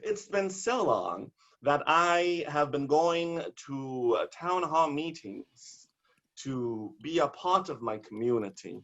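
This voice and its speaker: A man performs a bawdy comic poem over a video call, his voice bright and pitched a touch high. The call audio is lo-fi and dull. He delivers the poem theatrically and shouts his punchlines. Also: expressive, slow pace. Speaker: poet.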